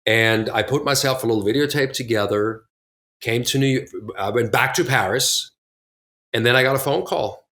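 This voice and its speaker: Animated middle-aged man telling stories. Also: medium pitch, moderate pace. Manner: animated, acts out quotes from others, laughs often. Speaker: podcast guest, actor. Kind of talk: casual interview storytelling.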